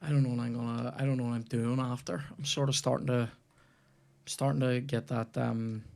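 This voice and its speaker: A young man hosts a casual comedy podcast and talks over a football video game. He swears constantly and tells stories in a lively, animated way. He breaks off to rant at the match. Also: mid-range voice, brisk, gravelly.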